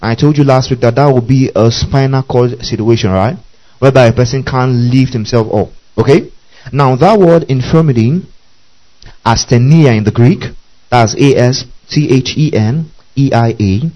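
A man with a medium-pitched, warm voice speaks at a normal speed over dull-sounding audio. He's giving a teaching sermon, repeating key phrases, spelling words out letter by letter, and frequently checking whether listeners are following him.

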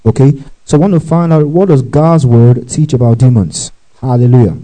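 A man's voice: medium pitch, moderate pace, mellow, low-quality recording. A man preaching a teaching sermon who checks in often with his listeners and spells out words letter by letter. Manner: checks in often with "okay?" and "right?".

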